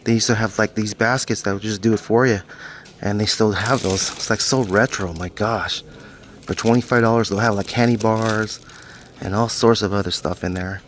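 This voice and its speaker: A man's voice: lowish voice, steady tone, moderate pace, slight background noise. Playful middle-aged guy, talks about himself in third person, just chatting casually. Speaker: vlogger. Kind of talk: casual vlog walkthrough. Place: video rental store.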